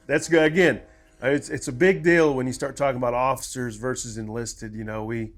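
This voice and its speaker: A man's voice: medium pitch, a little fast, soft background music. Laid-back male host. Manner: laughing, relaxed and conversational. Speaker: podcast host, veteran. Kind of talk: casual interview chat.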